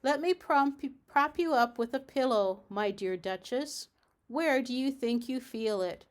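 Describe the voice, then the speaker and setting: A woman's voice: sits high, lively intonation, measured pace. A woman voicing a prim, proper lady cat hostess in a storybook read aloud, speaking precisely and severely.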